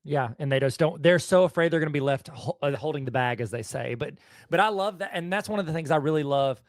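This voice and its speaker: A man's voice: fairly high pitch, fast, no echo, clean studio sound. A man with a Southern US accent hosting a casual conversation, telling stories with enthusiasm. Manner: enthusiastic storytelling. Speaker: host.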